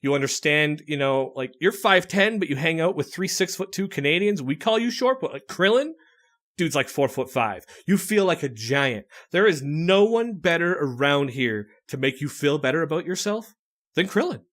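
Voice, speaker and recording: Podcast host, man, bouncy animated delivery, laughs a lot. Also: fairly high pitch, moderate pace. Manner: animated storytelling, laughs often. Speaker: podcast host running a party game. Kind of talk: casual chat.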